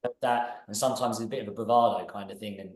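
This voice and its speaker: A casual man speaking on a panel, talking quickly in a mid-pitched voice. The room around him is echoey. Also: fairly even intonation, darkish tone. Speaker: panel guest, tech helper.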